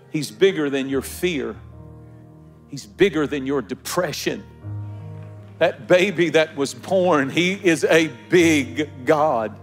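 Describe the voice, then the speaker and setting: Emotional pastor preaching with soft music. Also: male voice, a little high. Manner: repetitive preaching cadence, building emphasis. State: emotional, near tears. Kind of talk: sermon. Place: large church auditorium, live congregation. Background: faint music.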